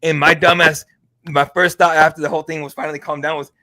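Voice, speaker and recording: Excitable, profane man telling stories. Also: a little high, fast talker. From Mexican heritage. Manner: profane, excitable, animated storytelling. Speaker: MMA podcast host and reporter. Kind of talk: casual storytelling chat.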